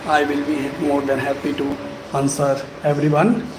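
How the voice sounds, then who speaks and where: A man giving a live-stream lesson, talking slowly and deliberately to encourage learners. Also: fairly high pitch, completely flat delivery. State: sweating from the heat. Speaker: English speaking teacher. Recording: echoey room with background noise.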